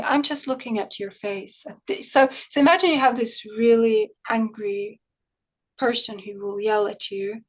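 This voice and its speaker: A woman who works as a remote viewer, telling a story in conversation and acting out the dialogue in her own voice. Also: medium pitch. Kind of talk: conversational interview recounting an experience.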